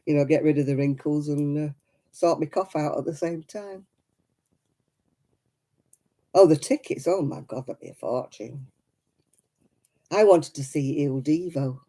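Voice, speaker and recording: A woman's voice: low-pitched, moderate pace, long pauses, warm tone. Coughing Lancashire woman chatting on a live stream. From Lancashire, England. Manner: chatty, giggly, addresses viewers by name. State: coughing, rough throat. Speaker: crafting livestream host.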